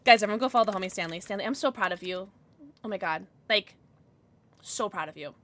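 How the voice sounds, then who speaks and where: A young woman streaming live, chatting casually with her viewers and squealing with excitement as she reads chat. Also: medium pitch, quick pace, heavy background noise. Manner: chatty, bubbly, squeals when reading chat.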